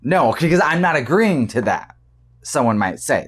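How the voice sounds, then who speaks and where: A man hosting a casual commentary vlog, animated and often repeating words as he argues his point. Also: mid-range voice, moderate pace, husky. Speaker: vlog host.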